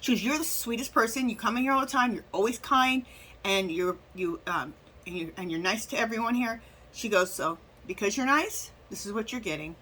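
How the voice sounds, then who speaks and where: Brief: woman vlogger, chatty rambling storyteller, bright husky voice, a bit high. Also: fairly quick, poor audio. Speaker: craft vlogger. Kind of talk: casual haul vlog chat.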